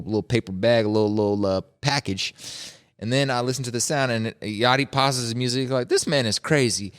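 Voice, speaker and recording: A man's voice: mid-range voice, smooth. A man hosting a podcast, chatting casually in a laid-back, slangy, opinionated way. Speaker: podcast host. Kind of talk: casual chat.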